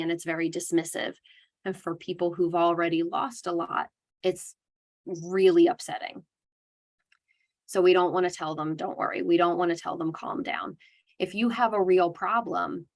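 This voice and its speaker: A young adult woman, a dementia care educator, giving an earnest, conversational educational talk and acting out gentle phrases to say. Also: on the low side.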